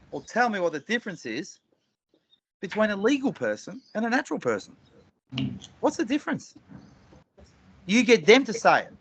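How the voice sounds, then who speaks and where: A man's voice: sits high, fairly bright tone. A man speaking as a guest, telling courtroom stories with emphasis, repeating phrases and acting out the exchanges. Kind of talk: animated storytelling talk. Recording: dull lo-fi recording.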